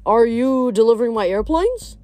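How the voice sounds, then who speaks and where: A woman's voice: a little high, expressive, moderate pace, warm tone, no echo, close to an everyday voice. A woman voicing a distracted, absent-minded middle-aged professor and father.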